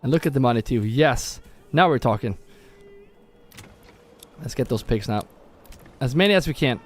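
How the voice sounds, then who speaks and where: A man's voice: medium pitch, expressive, moderate pace, slight background noise. A man casually commenting on his own gameplay on a live stream, thinking aloud and often correcting himself. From Norway. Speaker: gaming streamer. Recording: faint background music.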